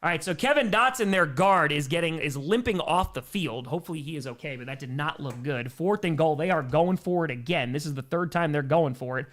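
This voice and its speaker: Bright excitable male sports streamer. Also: on the high side, brisk, hardly any pauses. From Milwaukee, Wisconsin. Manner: excitable play-by-play, reads viewer messages. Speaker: host. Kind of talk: live game commentary and chat.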